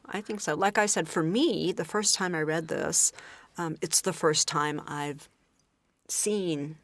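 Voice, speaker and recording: A woman's voice: deep voice, dry recording. A woman guest on a casual book-chat podcast who talks in an agreeable way and laughs often.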